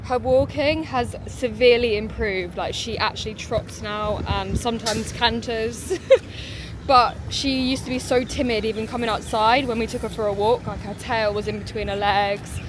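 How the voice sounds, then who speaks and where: British woman, travel vlogger, gushing and excitable, slightly high, noisy outdoor phone audio. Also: moderate pace. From Britain. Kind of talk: casual vlog chat to camera.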